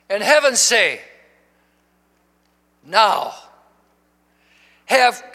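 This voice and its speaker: Pastor in his 60s, high bright tenor, slow deliberate preaching, long church reverb. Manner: preaching, swelling to shouts with call and response. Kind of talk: sermon. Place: church sanctuary.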